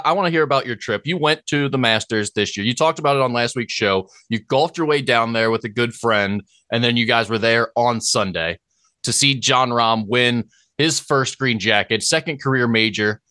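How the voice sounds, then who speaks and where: Bright-voiced male sports co-host. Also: medium pitch, normal speed, dry recording, studio quality. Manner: sets up questions, recaps sports results. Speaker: podcast co-host. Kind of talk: casual sports chat.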